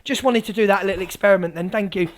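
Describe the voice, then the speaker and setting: A woman's voice: medium pitch, fast, slight background noise. A woman live streamer ranting, sweary, sarcastic and combative. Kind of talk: livestream rant.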